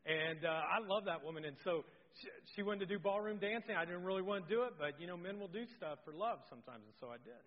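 A middle-aged male pastor preaching a sermon, telling a story in a lively, self-deprecating way. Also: sits high, fast, hardly any pauses. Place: church sanctuary. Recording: dull sound with long hall reverb.

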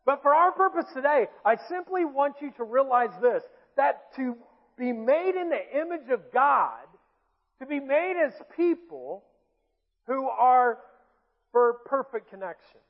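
A man's voice: very high voice, very animated, measured pace. A man with a Southern US accent preaching a sermon in a church, talking to the congregation in a conversational way, asking them questions and making light asides about himself. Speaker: pastor. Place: church sanctuary. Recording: tinny phone-like sound with long hall reverb.

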